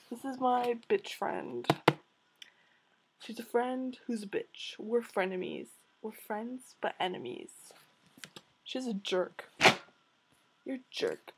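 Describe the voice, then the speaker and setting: A woman's voice: medium pitch, background noise. A young woman in her late teens chatting casually to camera as a vlogger, rambling, swearing and mocking herself.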